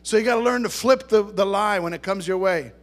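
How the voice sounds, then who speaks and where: A man's voice: sits high, a little fast. A man preaching a sermon to a congregation, talking conversationally, joking with the listeners, and rising to emphatic bursts. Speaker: pastor.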